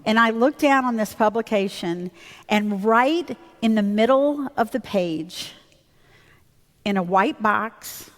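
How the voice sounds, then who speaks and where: A woman pastor preaching a sermon in a church, telling a personal story in a candid, conversational way with fillers and self-corrections. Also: medium pitch. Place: church sanctuary. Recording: long reverb of a church hall.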